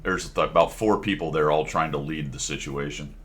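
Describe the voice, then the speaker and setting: Deep-voiced man chatting casually. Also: fairly quick. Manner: relaxed, drops short jokey asides and agreements. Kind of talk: casual chat.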